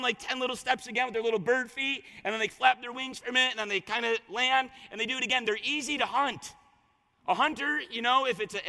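High bright-voiced preacher man, reverberant hall. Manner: animated retelling of scripture with voiced quotes. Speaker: pastor. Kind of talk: sermon. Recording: long reverb of a large hall.

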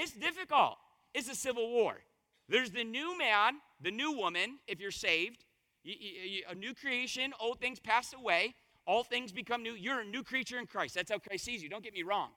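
A man preaching a conversational sermon as pastor, his voice a little hoarse, telling stories and asking the congregation questions. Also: high-pitched, sharp tone, in a large hall. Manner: conversational, storytelling with rhetorical questions. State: slightly hoarse voice.

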